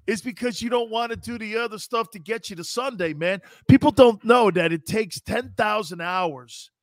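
A man hosting a sports talk show, energetic and hyping, wrapping up with a casual sign-off. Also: high-pitched, moderate pace, dry recording.

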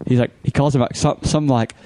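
A man talks casually as a podcast co-host at an ordinary middle pitch. He laughs often and slips into character impressions while retelling cartoon episodes. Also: fairly even intonation, fairly quick, dark tone. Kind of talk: casual chat.

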